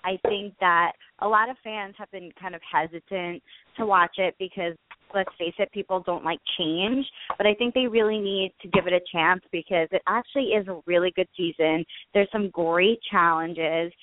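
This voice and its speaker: Ny woman calling in, upbeat, talks quick, kinda low voice, phone sound. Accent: New York. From Staten Island, New York. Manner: quick, upbeat, laughs often. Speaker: guest. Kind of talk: casual call-in interview. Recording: tinny phone line.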